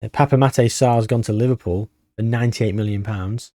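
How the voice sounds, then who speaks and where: A man commentating casually on his own video game session, chatty and wry, tired and thinking out loud. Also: lowish voice, fairly even intonation, a little fast, dry recording, studio quality. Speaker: gaming YouTuber.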